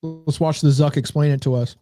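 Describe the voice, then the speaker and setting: A man's voice: a little high, fairly even intonation, a little fast, dark tone, faint music behind. A young man co-hosting a comedy podcast, joking and irreverent in casual chat. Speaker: podcast co-host.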